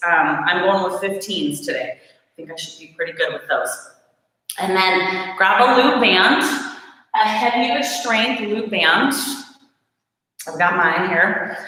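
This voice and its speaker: A chatty woman coaching a live workout class, her voice bright and sharp with a slight morning roughness. She talks in an easygoing, encouraging way, full of ums. The sound rings around a very echoey room with a long reverb tail. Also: mid-range voice. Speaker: fitness instructor.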